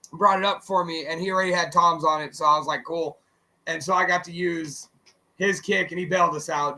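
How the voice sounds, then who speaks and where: High, bright-voiced storytelling man. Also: rough recording. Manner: animated storyteller who acts out friends' lines; swears casually, many fillers. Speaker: radio show co-host. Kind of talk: casual storytelling chat.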